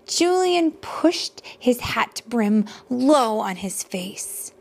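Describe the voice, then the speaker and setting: A woman reading a picture book aloud to children in a soft, hushed voice that often drops to a whisper, stopping to ask her listeners questions. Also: on the high side, sing-song, very slow, vocal fry. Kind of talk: soft-spoken storybook reading.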